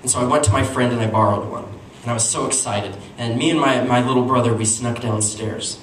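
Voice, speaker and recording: A man performing a stand-up comedy story at a small live show, animated and breaking into squeaky voices for his characters. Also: fairly quick. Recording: echoey room, distant mic, noisy.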